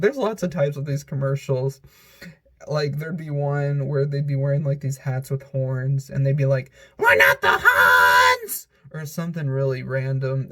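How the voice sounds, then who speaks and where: A vlogger rambles through a countdown in a somewhat high-pitched, slightly mellow male voice, giggling often. His loose, unscripted talk is packed with filler words and feels casual.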